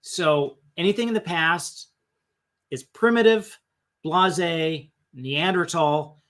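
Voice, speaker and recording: A man's voice: fairly high pitch, slow, fairly bright tone. A man hosting a live-stream film discussion, thinking aloud and often restarting his sentences. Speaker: host.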